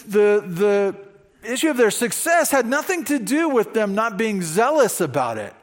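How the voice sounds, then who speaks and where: A male pastor preaching a sermon in a conversational way, with rhetorical questions. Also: fairly high pitch. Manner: conversational, many fillers and restarts, rhetorical questions.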